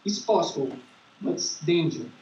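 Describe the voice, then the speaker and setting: A Brazilian man with a Brazilian Portuguese accent, a Portuguese native speaker who speaks halting beginner English, searching for words in casual conversation practice. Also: on the high side, lively intonation, darkish tone. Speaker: paragliding pilot and English student. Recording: echoey, dull lo-fi call with faint noise.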